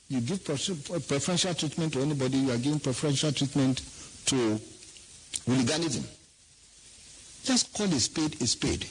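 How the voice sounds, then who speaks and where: A man's voice: medium pitch, slight background noise, poor audio. A man giving an impassioned political statement, emphatic and full of rhetorical questions.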